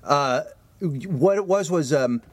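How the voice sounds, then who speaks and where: A man's voice: on the high side, expressive, slow pace. A middle-aged man co-hosting a casual chat show, telling stories in a rambling, profane way. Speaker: podcast co-host.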